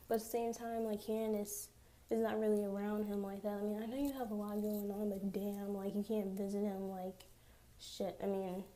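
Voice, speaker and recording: A young woman casually recapping a TV episode, chatty and profane, with sarcastic asides and quick acted-out quotes of the characters. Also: medium pitch, warm tone. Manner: acts out characters' lines in quoted voices. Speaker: TV recap vlogger.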